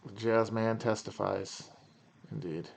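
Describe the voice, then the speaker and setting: This podcast host, a man in his thirties, runs a laid-back livestream Q&A on a home streaming mic. His voice sits on the low side, husky with vocal fry, and he speaks slowly with fairly even intonation, rambling wryly through fillers and sighs.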